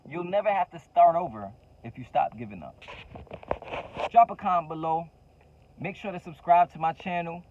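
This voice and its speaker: A man speaking with fervent, motivational energy in a fairly high voice, repeating his key lines and slipping into casual slang as he talks straight to the camera. The sound is somewhat dull and lo-fi. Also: lively intonation, moderate pace, pauses often, a little hiss or hum. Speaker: entrepreneur coach and channel host. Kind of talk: motivational direct-to-camera talk.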